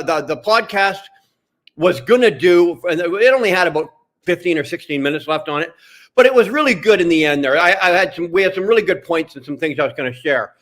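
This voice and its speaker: Angry high-voiced man ranting. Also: a bit bright. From Canada. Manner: profane, heated, repetitive. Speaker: streamer. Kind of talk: angry livestream rant.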